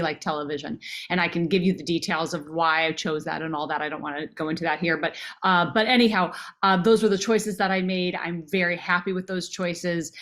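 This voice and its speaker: A woman in her forties, speaking a little low, shares a personal story as an interview guest. She talks earnestly and with feeling, breaking off and restarting her sentences. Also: a bit bright. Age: 40s. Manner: earnest and emotional, restarting phrases.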